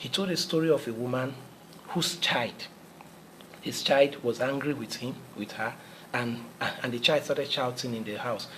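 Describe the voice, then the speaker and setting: A man's voice: medium pitch, normal speed, a bit bright, slight background noise, rough recording. A man giving a motivational talk in an earnest, repetitive, preacherly manner, often restarting his phrases. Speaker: motivational speaker.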